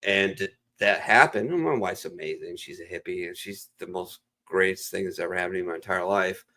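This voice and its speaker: Low-voiced, profane rambling man. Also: brisk, pushed and bright. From Ohio region. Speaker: podcast regular. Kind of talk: casual chat.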